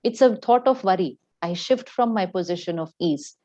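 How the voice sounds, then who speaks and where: A woman's voice: mid-range voice, lively intonation, moderate pace, mellow, no room sound. A woman giving a motivational spiritual talk as a teacher, emphatic and instructive, who repeats her key phrases for effect. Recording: dull, dry lo-fi sound.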